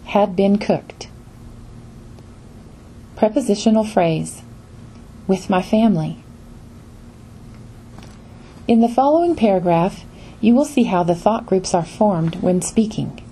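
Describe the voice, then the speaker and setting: A woman narrating a scripted English pronunciation lesson, speaking in a measured, even way with careful pauses between phrases. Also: mid-range voice, husky, poor audio.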